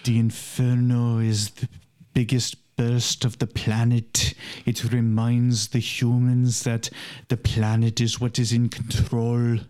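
A man doing an impression of a famous German filmmaker, in a put-on German accent and a slow, solemn, portentous narrating manner. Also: medium pitch, completely flat delivery, mellow, smooth, close to an everyday voice.

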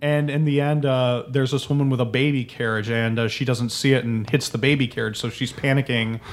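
A man with an average-pitched voice, talking through film scenes in a casual chat. He explains things in a measured way, with plenty of "uh"s along the way. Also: steady tone. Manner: measured, informative, with fillers. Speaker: podcast co-host. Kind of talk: casual movie discussion.

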